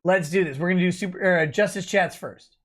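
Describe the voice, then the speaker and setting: A man's voice: sits high, brisk, a bit bright. A drunk man hosting a late-night livestream, ranting angrily and swearing a lot. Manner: angry, profane ranting. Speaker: livestream host.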